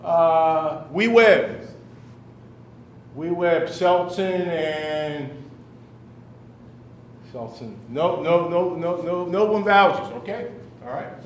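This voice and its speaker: A man leading a classroom workshop, running an upbeat, brisk roll call of teams. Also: on the high side, a little hiss or hum. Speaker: workshop leader. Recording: echoey room from far off.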